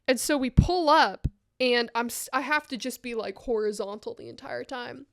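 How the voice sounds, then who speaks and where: This is a woman with a high, smooth voice, telling a story on a casual podcast. She acts out the people in it with lively voices. The sound is dry and close, with no room around it. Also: moderate pace, no echo. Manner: animated, acts out voices in her stories. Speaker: co-host.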